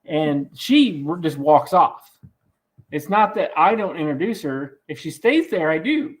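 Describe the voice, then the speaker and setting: A raspy-voiced man hosting a casual live stream, joking and teasing in a rambling way. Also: a little high, very animated, unhurried. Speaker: host of a farm channel live stream.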